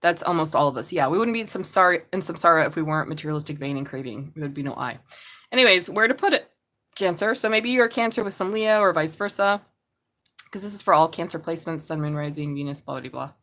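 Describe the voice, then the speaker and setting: A woman's voice: deep voice, lively intonation, quick pace, a bit bright. A woman doing a live tarot reading, chatty and blunt, swearing and laughing as she talks. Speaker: tarot reader.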